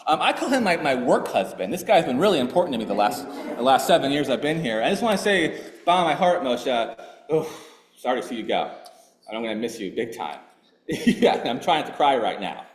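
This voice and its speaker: A man leading a synagogue service, telling a folk tale playfully and laughing often, then making warm announcements. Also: mid-range voice, big pitch swings, fast talker, a little hiss or hum. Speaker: congregation leader. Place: synagogue hall. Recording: echoey hall with long reverb.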